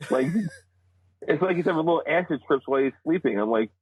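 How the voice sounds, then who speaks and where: A man's voice: on the high side, expressive, brisk, breathy edge, dry recording. A man in his thirties co-hosting a casual podcast, joking and teasing. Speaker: podcast co-host. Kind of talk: casual chat. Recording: tinny phone-like dry sound.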